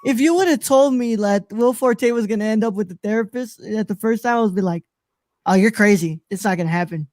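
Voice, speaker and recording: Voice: mid-range voice, a little fast, darkish tone, dry recording, clean studio sound. A podcast co-host in casual chat, enthusiastic and stumbling over restarts.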